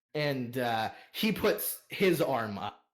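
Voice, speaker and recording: A man narrating a tabletop role-playing game as game master, animated and often laughing. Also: medium pitch, creaky.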